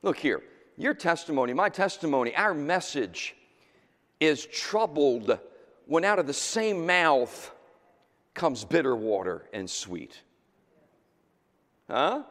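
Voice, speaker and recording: Lively male preacher, voice jumps up and down a lot, chatty then loud then hushed, big echoey church. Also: a little high, slow pace, long pauses. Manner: animated, conversational, swings from loud exclamations to quiet asides. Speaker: pastor. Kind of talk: sermon. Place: church sanctuary. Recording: reverberant church hall.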